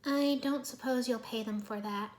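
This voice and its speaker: A woman plays a stubborn, proud young woman in a storybook reading. She talks with a firm, slightly higher voice. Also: moderate pace, lightly acted.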